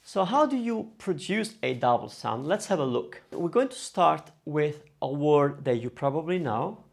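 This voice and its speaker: A man teaching pronunciation in a casual video lesson, saying each word slowly and repeating it. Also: fairly high pitch, animated, vocal fry. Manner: demonstrates words slowly and repeats them. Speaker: Italian language teacher.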